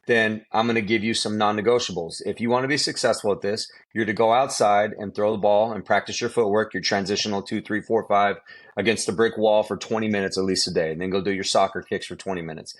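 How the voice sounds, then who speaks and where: A man's voice: fairly low pitch, fast. A middle-aged man, a quarterback trainer, telling stories in a casual podcast chat, emphatic and repeating himself for effect. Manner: animated storytelling, emphatic, repeats phrases.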